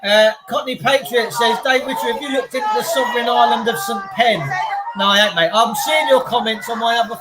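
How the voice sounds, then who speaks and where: A man chatting casually on a live stream, excitable and talkative, greeting his viewers by name as he comments. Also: sits high, heavy background noise.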